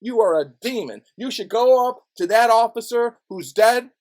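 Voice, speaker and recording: A man ranting angrily into the camera, swearing constantly and swinging between low mutters and loud outbursts. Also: lively intonation, normal speed. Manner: profane, swings from mutters to shouts. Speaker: video blogger. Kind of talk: angry ranting monologue.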